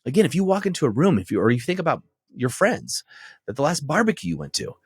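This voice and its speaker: A man's voice: on the high side, big pitch swings, fast, slightly rough, no room sound. A man hosting a podcast, giving direct, firm coaching advice to men in a monologue and often checking in with "right?". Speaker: podcast host and men's relationship coach.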